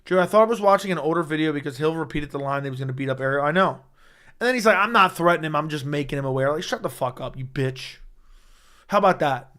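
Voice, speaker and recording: Excitable young man chatting on a stream. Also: a little high, quick pace. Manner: excitable, swears, rambling with restarts. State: losing his voice. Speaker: MMA livestream host. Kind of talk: casual livestream chat reading chat.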